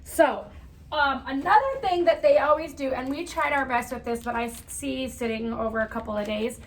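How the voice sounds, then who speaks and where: A woman's voice: high-pitched, moderate pace. A woman giving a casual lesson to children, chatty with lots of fillers and asides. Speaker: teacher. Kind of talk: casual classroom lesson for kids.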